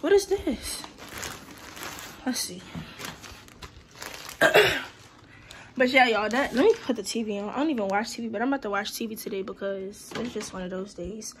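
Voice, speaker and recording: A teenage girl chatting casually to her viewers in a vlog, her voice hoarse and worn from cheering and a little out of breath. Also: mid-range voice, lively intonation, moderate pace, pauses often, noisy background. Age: late teens. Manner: chatty, talks straight to viewers. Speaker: vlogger.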